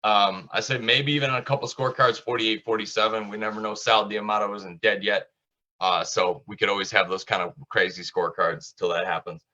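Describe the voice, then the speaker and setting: A man's voice: on the low side, fairly even intonation, a little fast, bright, forceful tone. A man co-hosting a casual sports betting show, giving confident, opinionated fight picks. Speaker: co-host picking fights. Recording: dull lo-fi sound.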